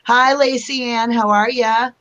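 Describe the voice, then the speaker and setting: A woman's voice: on the high side, steady tone, unhurried, fairly bright tone, muffled recording. Chatty woman hosting a live chat. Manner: chatty, greets viewers and reads their comments aloud. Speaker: host of a live chat show. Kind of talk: casual live-stream chat.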